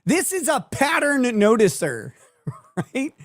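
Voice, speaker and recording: Dude doing a snarky sweary commentary rant, voice all over the place, dry sound. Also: male voice, a little high, big pitch swings, a little slow, no echo. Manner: sarcastic, profane, laughs often. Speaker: commentary show host. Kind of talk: mocking online commentary.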